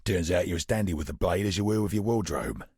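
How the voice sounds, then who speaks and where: An actor playing a gruff, sardonic male gambler in a video game, with a wry, husky drawl. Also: deep voice, animated, fast talker, darkish tone, no room sound, studio quality, exaggerated voice. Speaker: game character.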